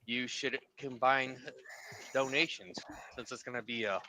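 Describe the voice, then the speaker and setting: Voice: mid-range voice, steady tone, measured pace, pushed and bright, a little hiss or hum, poor audio. A guest on a casual livestream chat, teasing and egging the others on.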